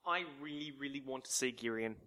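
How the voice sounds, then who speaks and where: A man's voice: medium pitch, brisk, bright, forceful tone. A man guesting on a casual hobby podcast, talking with enthusiasm and cracking jokes. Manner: enthusiastic, joking. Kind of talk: casual chat.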